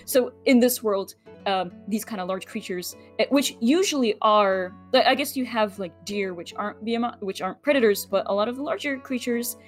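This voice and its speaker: A woman's voice: fairly high pitch, fairly quick, hardly any pauses, faint music behind. Chatty woman musing over fantasy lore. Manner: thinks aloud with many fillers. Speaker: player. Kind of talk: casual worldbuilding chat.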